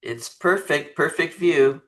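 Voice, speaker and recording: A man hosting a lecture series who reads out a formal introduction for the guest speaker, pausing often with ums and uhs. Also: a little high, fairly bright tone.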